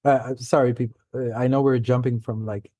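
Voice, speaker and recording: Male guest from New York City, mellow and unhurried, halting storyteller, dry close mic. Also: medium pitch, flat delivery, dry recording. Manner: halting, loose storytelling with trailing phrases. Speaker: guest author. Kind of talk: casual conversational chat.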